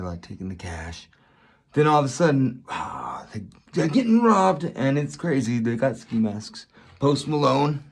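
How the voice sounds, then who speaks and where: A man vlogging a casual movie review, rambling and excited, often repeating himself. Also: medium pitch, husky.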